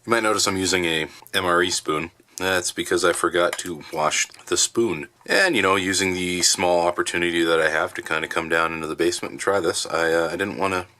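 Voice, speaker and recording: A man casually reviewing military rations in his basement, chatty and relaxed with plenty of fillers. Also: sits low, normal speed. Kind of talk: casual food review vlog. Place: home basement.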